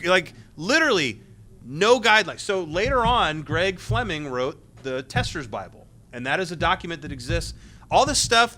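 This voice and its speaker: A man on a convention panel, recalling his years as a game tester. His voice is bright and forward, and he rambles with plenty of restarts and little laughs. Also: high voice.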